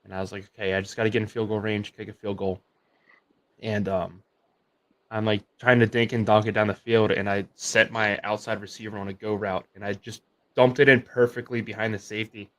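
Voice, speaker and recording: A young adult man co-hosting a casual sports livestream, telling animated stories full of "like" fillers. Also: lowish voice, brisk. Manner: animated storyteller, many "like" fillers. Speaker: co-host.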